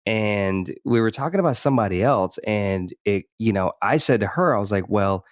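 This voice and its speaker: Male podcast host, low-pitched, dry close-mic sound, thoughtful and rambling. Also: expressive, normal speed, no echo. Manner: thoughtful, with frequent restarts and "you know". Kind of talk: reflective interview conversation.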